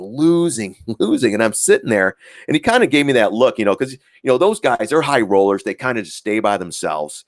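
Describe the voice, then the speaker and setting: Low-ish guy on a trading stream, rambles, lots of "you know", chuckles, dry sound. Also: very animated, brisk, no echo. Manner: rambling, full of filler words and repeats; acts out quoted voices, chuckles often. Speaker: stock trading livestream host. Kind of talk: casual livestream chat.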